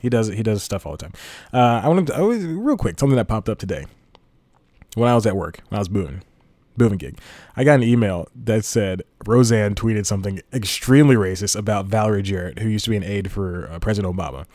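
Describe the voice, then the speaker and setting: Man, podcast host, low voice, rambling, laughs at own jokes, dry sound. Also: lively intonation, fast, a little mellow, dry recording. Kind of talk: casual solo podcast chat.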